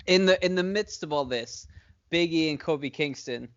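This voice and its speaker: A man's voice: a little high, normal speed, lo-fi sound. Rambling, swearing male podcast co-host. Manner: rambling, profane, laughs often. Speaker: podcast co-host booking wrestling shows. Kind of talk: casual chat.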